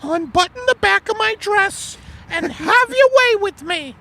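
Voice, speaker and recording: A man voicing a pushy middle-aged wife in a high squealing falsetto. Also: expressive, a little slow, bright, forceful tone, heavily acted. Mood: shrill nagging. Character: shrill nagging middle-aged wife Margaret.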